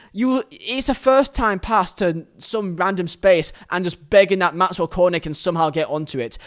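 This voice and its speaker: High-voiced man ranting about football. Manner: rambling, repeats and restarts phrases; earnest, opinionated fan. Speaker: podcast host reviewing a football match. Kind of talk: casual solo football review.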